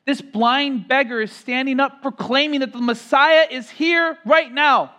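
A man preaches a sermon as pastor in a high-pitched voice. He swells louder and higher on key phrases, then drops back soft. He repeats and restarts words as he builds each point. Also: unhurried.

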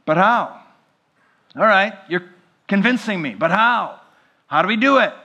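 Animated, bright-voiced male preacher. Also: high voice, a little slow, husky. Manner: animated, repeats questions to the congregation. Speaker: pastor. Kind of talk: sermon. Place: church.

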